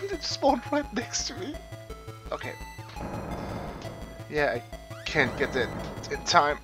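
A man's voice: extremely high pitch, huge pitch swings, slow pace, long pauses, over music. A man playing through a retro game, who yelps, swears and talks back at the screen, then gives a rambling wrap-up full of restarts. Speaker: gaming channel host. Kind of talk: let's play commentary.

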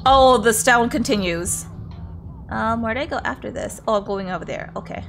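A woman's voice: on the high side, lively intonation, normal speed, gravelly, pauses often, a little hiss or hum. A woman streamer chatting casually during a game livestream, greeting viewers, exclaiming at the game and laughing often.

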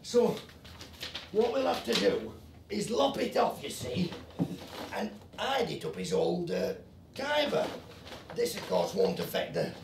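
An actor playing a coarse working-class gravedigger, trading gruff, crude banter on location. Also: male voice, sits high, noisy background, full character voice. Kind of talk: film acting. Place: outdoors on location. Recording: echoey location sound from a distance.

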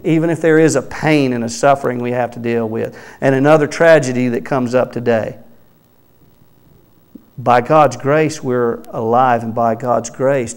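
A male pastor preaching a sermon in church, swinging between loud emphatic bursts and soft hushed phrases. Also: medium pitch, creaky. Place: church sanctuary.

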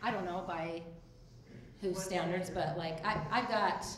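A woman's voice: lowish voice, measured pace, a crowd in the background. A woman in her thirties speaking as a guest on a live podcast, hesitant, with many ums. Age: 30s. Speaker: audience guest. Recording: echoey live room with faint noise, far from mic.

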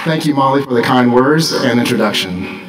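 A middle-aged man delivers a graduation address as the school principal, mixing formal thanks with dry jokes. His voice sits at an ordinary pitch and is picked up from a distance. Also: animated, normal speed, over music. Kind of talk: commencement speech. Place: large graduation ceremony.

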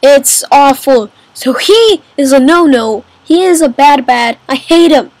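A woman's voice: sits high, lively intonation, measured pace, a little mellow, dry recording, poor audio. A woman giving casual let's-play commentary on a kingdom game, chatty and exclaiming, calling everyone man and dude. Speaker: gamer playing a kingdom game.

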